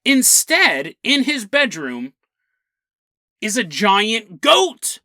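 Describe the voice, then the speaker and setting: A young man spins a rambling comic tale for his podcast, his bright voice swinging high and low as he jumps into funny voices for the people in the story. The sound is dry and close, with no room around it. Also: lively intonation, unhurried, no echo. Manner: rambling, jokey, acts out quotes in funny voices. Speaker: podcast host. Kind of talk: comedic storytelling.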